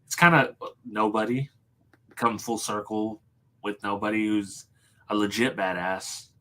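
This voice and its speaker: A man's voice: lowish voice, fairly even intonation, a little slow, pushed and bright. A man co-hosting a casual movie chat, easygoing and agreeable, saying "dude" and "yeah" a lot. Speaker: podcast co-host.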